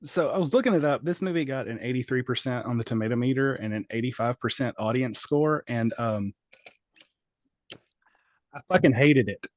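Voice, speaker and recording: A man's voice: mid-range voice, moderate pace, no room sound. A man co-hosting a podcast, ranting in casual chat about a film he hated, exasperated and profane. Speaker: podcast co-host.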